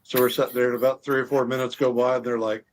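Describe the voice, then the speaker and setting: A man's voice: mid-range voice, little pitch movement, quick pace, slight background noise. A man from Alaska, a guest on a casual chat show, telling self-deprecating stories and laughing often.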